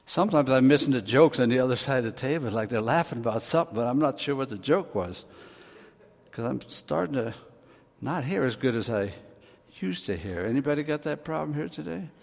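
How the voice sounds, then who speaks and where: A man's voice: mid-range voice, lively intonation, a little fast, gravelly. A male pastor preaching a sermon in a folksy way, joking with the congregation and swelling his voice for emphasis. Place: church hall. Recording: long hall reverb.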